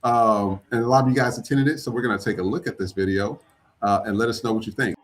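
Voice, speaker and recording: A man's voice: lowish voice, quick pace. A man hosting a podcast, talking casually and loosely with the audience and swearing now and then. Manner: loose, chatty, casual cursing. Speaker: podcast host.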